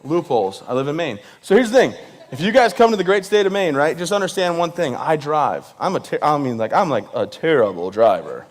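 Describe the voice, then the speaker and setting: A man's voice: on the high side, very animated, a little fast. A man from Michigan giving a humorous, self-deprecating speech at a live event, often checking in with "right?". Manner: self-deprecating, jokey, many "right?" asides. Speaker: guest speaker.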